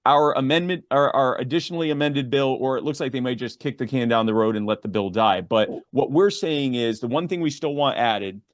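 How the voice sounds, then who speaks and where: Middle-aged man, interview guest, earnest, halting, dry close sound. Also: medium pitch, dry recording. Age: 40s or older. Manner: earnest, many restarts and fillers. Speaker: advocacy group guest. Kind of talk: interview, explaining legislation.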